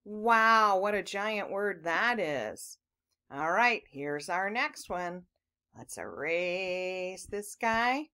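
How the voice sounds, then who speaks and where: Slow, patient woman teaching phonics. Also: mid-range voice, lively intonation, sharp tone, clean tone. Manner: slow, patient, sounding out words for children. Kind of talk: children's phonics lesson.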